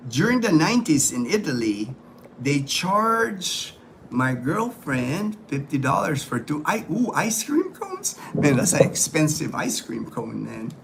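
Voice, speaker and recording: A man's voice: fairly high pitch, sing-song, a little slow, gravelly, a little hiss or hum. A man from the Philippines hosting a casual livestream, chatting and answering viewer comments in a rambling way full of fillers. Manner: rambling, many fillers and restarts. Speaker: livestream host.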